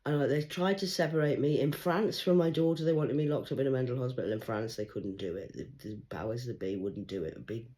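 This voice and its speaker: A woman, reading tarot cards in a rambling livestream monologue, swinging between loud urgency and hushed murmurs. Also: rumbling low, fast talker, hardly any pauses. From England. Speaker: tarot card reader.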